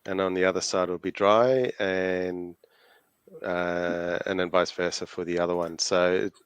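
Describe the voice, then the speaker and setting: A man with an Australian accent co-hosting a podcast, explaining things in an easygoing, halting way. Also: deep voice, little pitch movement, smooth, dry recording. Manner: easygoing, laughs often, halting. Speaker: podcast co-host. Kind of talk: casual chat.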